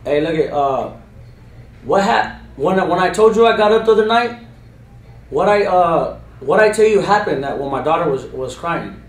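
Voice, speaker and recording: A man's voice: lively intonation, normal speed. Earnest man in a roomy distant recording. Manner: earnest, insistent, streetwise slang, swings from loud bursts to low mutters. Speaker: interviewee telling a true paranormal story. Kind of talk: casual storytelling to an interviewer. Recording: roomy, distant recording with faint background noise.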